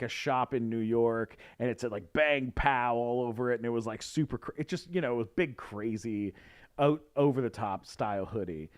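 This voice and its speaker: A man chatting as a guest, rambling through a story full of fillers and restarts. His voice sits at an ordinary middle pitch. The delivery stays relaxed and conversational. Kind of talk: casual chat.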